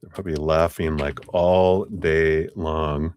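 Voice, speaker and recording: Deep-voiced male tarot reader, slow and chatty, quick to laugh. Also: steady tone, a little mellow, dry recording, studio quality. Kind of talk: live tarot reading.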